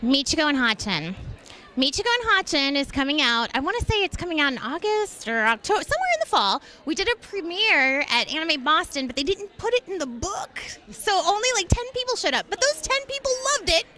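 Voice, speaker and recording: Woman in her thirties, voice actress, convention interview, bubbly, bright, lively. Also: sits high, a little fast. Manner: bubbly and enthusiastic. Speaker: voice actress and guest.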